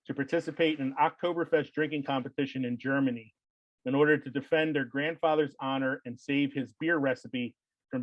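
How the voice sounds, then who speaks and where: A man's voice: medium pitch, dry recording, highs cut off. A man hosting a casual podcast chat, rambling with lots of fillers and frequent laughs. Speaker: podcast host.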